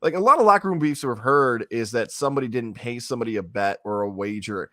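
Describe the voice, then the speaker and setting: A man co-hosting a sports talk show, wry and quick with a quip as he lays out the story. His voice is mid-pitched. It is recorded dry and close, with no room sound. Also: animated, a bit bright, dry recording. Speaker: sports radio co-host.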